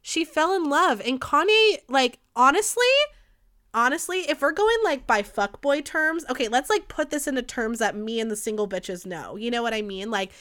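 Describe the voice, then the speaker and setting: A young woman hosting a podcast, ranting in a casual, profane, gossipy way with fast bursts and a lot of heat. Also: high voice, expressive, fairly bright tone. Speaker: podcast host. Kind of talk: casual solo podcast rant. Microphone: studio microphone.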